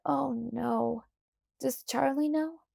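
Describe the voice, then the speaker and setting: A woman reading the lines of a hoarse, shaken young woman in an audiobook, asking anxious, higher-pitched questions. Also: steady tone, slow, darkish tone, dry recording, studio quality, heavily acted.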